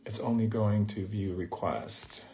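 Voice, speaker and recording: A man's voice: fairly low pitch, measured pace, a little mellow, a little hiss or hum. A man hosting a livestream as a spiritual teacher, talking conversationally and rambling with restarts and asides, sometimes muttering to himself. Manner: distracted by screen trouble, muttering to himself. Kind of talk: live-streamed spiritual talk.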